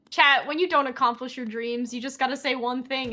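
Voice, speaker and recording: High, bright-voiced woman teasing on commentary. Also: steady tone, fairly quick, hardly any pauses. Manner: playful, teasing, laughs often. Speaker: tournament commentator. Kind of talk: casual live-stream commentary.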